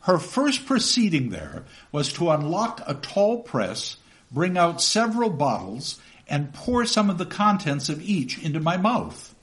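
Animated male lecturer reading aloud. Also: fairly high pitch, measured pace. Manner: animated, chatty asides ending in "okay?".

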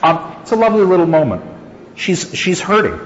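Male lecturer, reflective, slightly high voice, dull lo-fi recording with long hall reverb. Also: big pitch swings, slight background noise. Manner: reflective, slows down to stress phrases. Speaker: literature lecturer. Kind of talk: lecture with read-aloud passages. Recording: echoey hall, dull lo-fi sound.

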